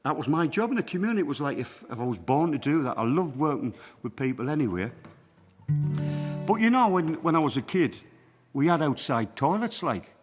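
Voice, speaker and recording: An older man with a broad Sunderland accent, a folk singer at a small livestreamed venue. He chats in a jokey, storytelling way between songs, his voice sitting slightly high. Acoustic guitar rings clearly behind him. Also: sing-song, brisk, long reverb tail. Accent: Sunderland (Mackem). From Sunderland, England. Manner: chatty, jokey storyteller in broad local dialect. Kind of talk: live folk set with chatty banter between songs.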